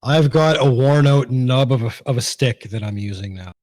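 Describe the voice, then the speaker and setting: Brief: male show regular, middle pitch, low-key dry replies, dead-dry sound. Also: normal speed, darkish tone, dry recording. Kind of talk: casual banter on a call-in show.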